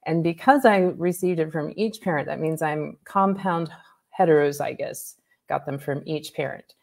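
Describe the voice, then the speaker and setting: A woman naturopathic doctor, a guest on an interview, explaining health topics in a lively way with examples and asides. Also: low-pitched, normal speed, gravelly. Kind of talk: conversational expert explanation.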